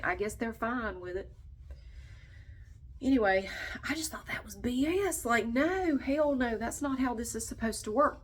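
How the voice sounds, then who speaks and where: A woman's voice: medium pitch, a little hiss or hum. A woman vlogger chatting casually, stuffy and nasal, short of breath, venting bluntly and swearing freely. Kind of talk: casual chat to camera.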